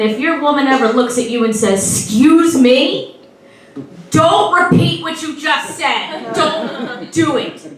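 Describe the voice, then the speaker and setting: A woman's voice: high voice, a bit bright, a little hiss or hum. A woman doing a stand-up comedy routine on a club stage, with playful, teasing audience banter. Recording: echoey club from far, with audience. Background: audience laughter.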